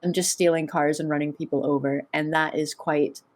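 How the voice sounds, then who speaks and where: A woman's voice: low-pitched, fairly even intonation, brisk. A woman co-hosting a gaming podcast, chatting casually and telling self-mocking stories. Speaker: podcast co-host. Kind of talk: casual chat.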